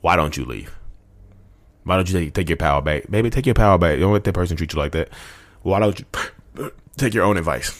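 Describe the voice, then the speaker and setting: Deep-voiced, fast-talking fervent man. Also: animated. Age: 30s. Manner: rambling, repetitive, fervent, addresses listeners as y'all. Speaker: podcast host. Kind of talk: impassioned motivational rant.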